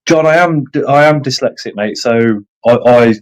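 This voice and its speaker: A man's voice: mid-range voice, moderate pace, clear, resonant tone, low-quality recording. A man hosting a casual livestream chat, self-deprecating and reading out viewer comments. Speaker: livestream host. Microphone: streaming setup.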